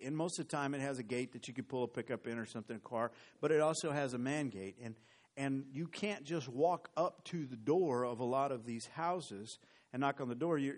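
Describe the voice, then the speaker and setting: A male pastor preaching a sermon, retelling a scripture story animatedly and reading verses aloud. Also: medium pitch. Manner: animated storytelling, reads scripture in old formal English.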